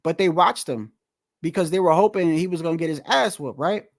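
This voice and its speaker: Male boxing commentator, high voice, heated profane rant, full of rhetorical questions. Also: a little fast. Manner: profane, slangy. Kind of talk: casual rant to the audience.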